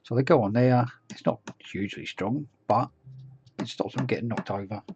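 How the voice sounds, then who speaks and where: Mellow man muttering while he works. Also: mid-range voice, normal speed, slight background noise. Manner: mutters to himself and hums idle tunes between remarks. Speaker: miniature painting streamer. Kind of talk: casual live-stream commentary while working. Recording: dull lo-fi stream audio.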